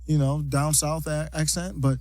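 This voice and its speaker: A man's voice: a little high, steady tone, normal speed, darkish tone, dry recording. A man hosting a casual political podcast. He agrees readily and chimes in with short affirmations. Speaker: podcast host.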